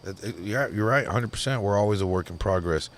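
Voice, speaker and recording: A young man hosting a podcast, talking in a casual, excitable way, laughing and cursing often. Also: lowish voice, fairly quick, slight background noise. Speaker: podcast host. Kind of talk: casual chat.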